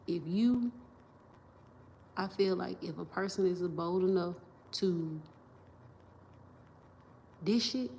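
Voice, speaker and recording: A woman's voice: fairly low pitch, takes it slowly, gravelly, pauses often, darkish tone, a little hiss or hum. A woman on a livestream, talking in a rambling, emphatic and profane way, restarting sentences and repeating herself into a phone camera.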